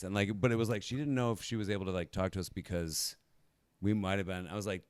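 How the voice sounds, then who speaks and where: A man co-hosting a podcast, telling a story in an excitable, profane, casual way. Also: low-pitched, quick pace, smooth, no echo. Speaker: podcast co-host.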